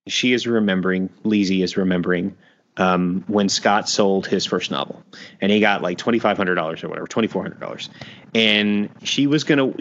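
A man's voice: lowish voice, a bit bright. A man hosting a casual chat, retelling scenes bluntly with dry asides. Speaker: podcast host. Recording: dull lo-fi sound.

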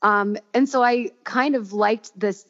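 A woman's voice: a little high, unhurried, a bit bright, muffled recording. A woman co-hosting a podcast in casual chat, rambling with fillers and restarts. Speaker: podcast co-host.

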